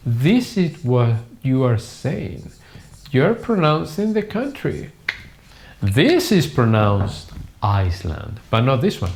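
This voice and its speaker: A man's voice: fairly high pitch, wildly swooping pitch, slow, echoey room. A man teaching a live online English lesson from a language academy, chatty and repeating words for students to drill. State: a little tired.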